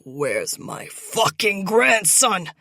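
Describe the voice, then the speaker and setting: A woman narrator voicing a menacing older male captor with a gravelly, commanding voice, barking threats. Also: medium pitch, very animated, slow pace, bright, forceful tone, no room sound, studio quality, pitched below the performer's own voice, heavily acted.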